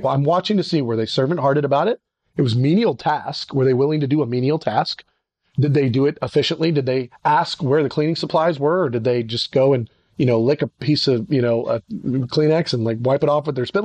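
Speaking fairly quickly in a husky voice, this middle-aged man is a ministry leader teaching about leadership in a conversational style. He animatedly acts out short dialogues, his pitch jumping suddenly, and there is no room sound.

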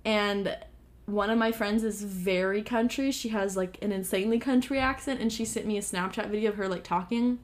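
A young woman co-hosting a podcast, telling stories in a chatty, animated way with lots of "like". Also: mid-range voice, fairly quick. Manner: chatty, animated storytelling with frequent "like". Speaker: podcast co-host. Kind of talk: casual chat.

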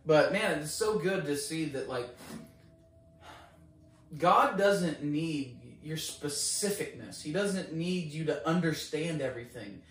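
A man recounts a story in casual chat, playing out both sides of the exchange himself. His voice sits a little high, and his excitement climbs as he goes. He is recorded from a distance in a very echoey room. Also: takes it slowly. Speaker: guest.

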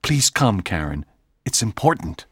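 A woman's voice: a bass voice, sing-song, normal speed, breathy edge, no room sound, clean studio sound, voice pushed down, full character voice. A woman doing an earnest schoolboy voice. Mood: urgent. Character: earnest teenage schoolboy, eager and clever.

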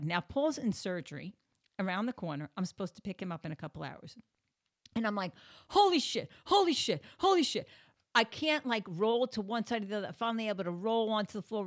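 Animated woman telling a personal story. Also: medium pitch. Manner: animated, acts out dialogue with big swings in loudness. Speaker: yoga therapist. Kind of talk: casual storytelling monologue.

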